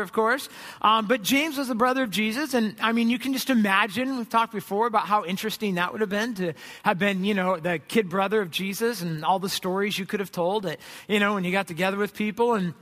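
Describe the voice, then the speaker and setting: A man's voice: high voice, bright, forceful tone. A middle-aged man preaching a conversational sermon as pastor, joking and acting out imagined voices. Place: church sanctuary. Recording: long hall reverb.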